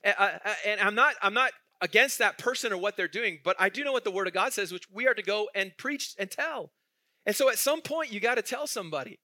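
A man's voice: high-pitched, animated, a little fast, pushed and bright, no room sound, studio quality. A male pastor preaching a sermon in a conversational way, asking the congregation questions and chuckling through his stories.

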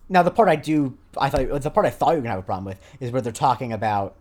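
Very fast and lively in intonation, a young man's medium-pitched, darkish voice carries his casual podcast co-hosting chat. He rambles, restarting often and using many fillers.

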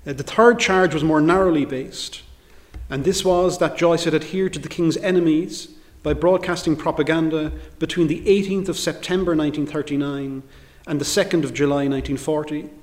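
A middle-aged barrister giving a formal history lecture, in a measured and deliberate delivery read from a prepared text. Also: male voice, on the high side, steady tone.

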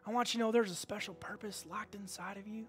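High-voiced pastor, folksy. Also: male voice, fairly even intonation, fast talker, fairly bright tone, soft background music. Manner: upbeat, folksy, says amen a lot. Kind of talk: church service talk and prayer. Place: church sanctuary.

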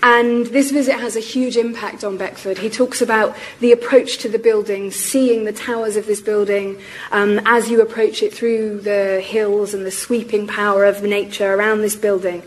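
A woman giving a public lecture on history. Her voice is going hoarse, and she explains things in a measured way with frequent ums. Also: medium pitch, little pitch movement, rough recording. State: losing her voice.

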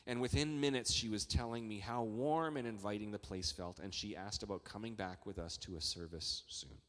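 A man preaching a sermon as pastor, talking in a conversational way that builds to excited emphasis. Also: on the low side, a little fast, few pauses. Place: church hall. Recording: long reverb of a large church hall.

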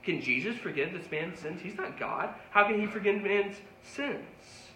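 Man, pastor, sermon, high-pitched, bright, conversational emphasis, echoey room. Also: animated, a little slow, a little hiss or hum. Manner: conversational preaching with rising emphasis.

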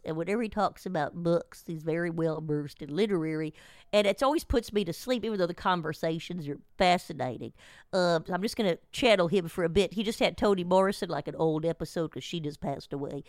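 Blunt, smooth-voiced woman host. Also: on the low side, a little fast, dry recording, studio quality. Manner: blunt, opinionated, profane, musing aloud. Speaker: podcast host. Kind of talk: casual interview chat.

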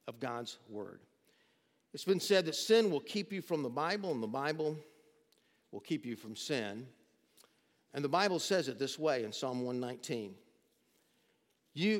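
Pastor preaching in a reverberant hall. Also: male voice. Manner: emphatic preaching, swinging between loud urgency and low intimacy. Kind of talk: sermon.

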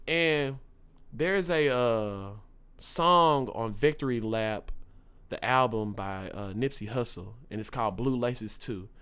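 A man's voice: medium pitch, clear, resonant tone. A man hosting a podcast, telling stories in a loose, profane, ranting way. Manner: loose, profane storytelling, mocking voices and rants. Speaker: podcast host. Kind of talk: casual monologue.

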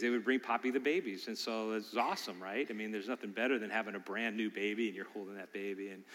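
An older man preaching a sermon as pastor, telling a story that builds to loud, animated bursts. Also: mid-range voice. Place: church sanctuary. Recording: long church hall reverb.

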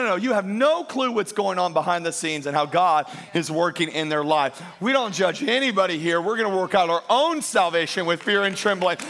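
A man preaching a sermon as pastor, emphatic, slowing and lifting his voice on key lines. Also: high voice, gravelly, a bit bright. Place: church.

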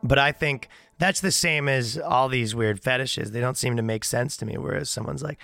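A man, a comedian guest, telling a rambling, halting story in casual chat and laughing at his own words. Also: mid-range voice, pushed and bright, soft background music.

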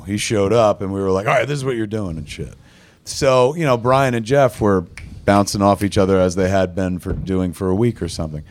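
Man host, lowish voice, swears a lot, rambling casual storytelling. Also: darkish tone. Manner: heavy swearing, rambling anecdotes. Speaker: filmmaker host.

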